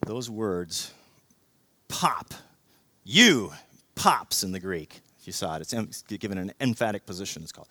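Bright-voiced, passionate man preaching. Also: lowish voice, lively intonation, normal speed, no echo. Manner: passionate, swings from hushed to loud emphatic. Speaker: pastor. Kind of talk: sermon.

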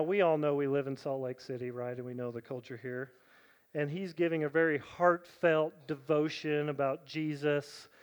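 A middle-aged man preaching a sermon as pastor. He talks conversationally, often checking in with "right?", and swings between loud, emphatic questions and quiet, low asides. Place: church sanctuary.

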